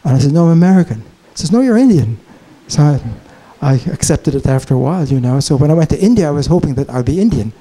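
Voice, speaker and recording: A man giving a conference keynote lecture, telling a story in an animated, digressive way. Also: mid-range voice, fast talker, few pauses, poor audio. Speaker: keynote speaker. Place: conference hall, Chicago.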